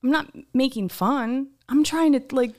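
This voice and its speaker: A woman's voice: high voice, measured pace. A woman co-hosting a podcast, chatting casually, giggly and playful. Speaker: podcast co-host. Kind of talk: casual comedic chat.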